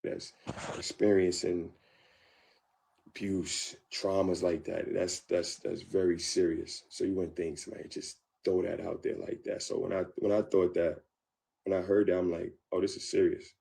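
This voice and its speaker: A man telling his story in an interview, animated, acting out his past thoughts and repeating phrases. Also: deep voice, normal speed, vocal fry. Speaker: guest.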